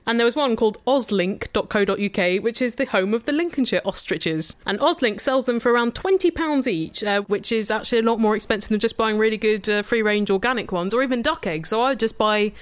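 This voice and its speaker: A woman's voice: fairly high pitch, brisk, few pauses. A woman co-hosting a comedy podcast, bantering dryly with her co-host. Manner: dry, sarcastic banter.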